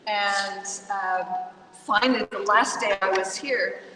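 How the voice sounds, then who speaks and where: An American woman, a volunteer guest, telling stories in a chatty, animated way at a live event. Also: mid-range voice, takes it slowly, slight background noise. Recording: echoey hall, voice from far off.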